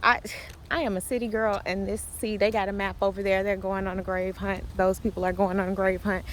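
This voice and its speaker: A woman's voice: mid-range voice, little pitch movement, fairly quick. Chatty woman vlogging on a windy walk. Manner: chatty, apologizes for cursing, exclaims when startled. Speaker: vlogger giving a cemetery tour. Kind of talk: casual walking vlog. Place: outdoors in a windy cemetery. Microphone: handheld phone camera.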